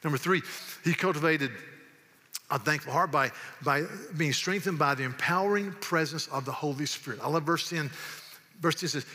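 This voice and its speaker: A man's voice: fairly high pitch, a little fast, sharp tone. A man from the South, preaching a sermon in a church in an emphatic, folksy way and repeating words as he presses a point. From American South. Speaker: pastor. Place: church sanctuary. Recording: long reverb of a church hall.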